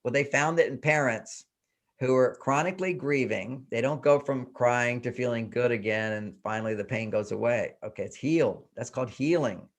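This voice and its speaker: An older man, a relationship expert guest on an interview show, explaining his ideas with animated emphasis and repeated phrases. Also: medium pitch, normal speed.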